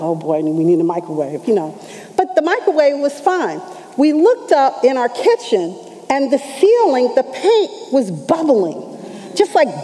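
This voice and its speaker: A middle-aged woman church elder telling a testimony in an animated storytelling manner, acting out the voices she quotes. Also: fairly high pitch, long reverb tail, poor audio. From New York. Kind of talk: testimony sermon.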